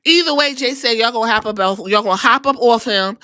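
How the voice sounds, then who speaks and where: Woman host, high bright voice, dry close sound, chatty recap. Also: fairly quick, dry recording. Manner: animated, profane, acts out quotes. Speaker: podcast host. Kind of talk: casual wrestling recap.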